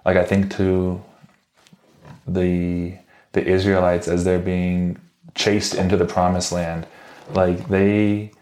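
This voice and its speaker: Very deep-voiced man in echoey room. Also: flat delivery, slow pace, pauses often, darkish tone. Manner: encouraging, rambling with restarts. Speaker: podcast host. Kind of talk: casual faith conversation. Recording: roomy echo.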